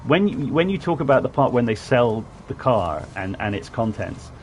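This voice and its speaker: A man from southwest England talks through a game on a live stream with a middle-pitched voice. He rambles, corrects himself and stops to greet viewers in chat. A faint hiss sits behind him. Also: big pitch swings, normal speed. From Plymouth, southwest England. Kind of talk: casual live-stream gameplay commentary.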